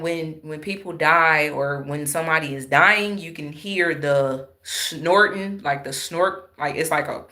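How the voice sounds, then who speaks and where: A woman's voice: lowish voice, bright, forceful tone. A married woman telling viewers an upsetting story in an emphatic, emotional way, speaking straight to her audience. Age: adult, married. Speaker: vlogger.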